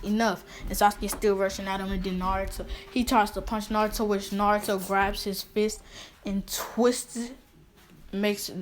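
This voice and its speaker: A woman improvising a fan story, rambling with many restarts and fillers. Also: medium pitch.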